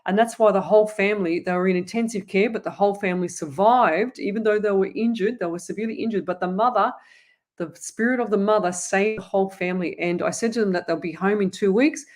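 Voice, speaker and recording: A woman's voice: mid-range voice, quick pace, darkish tone. A woman, a psychic medium hosting a live online Q&A, giving earnest, urgent advice and calling her viewers "lovey". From Australia. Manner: addresses viewers as lovey and guys.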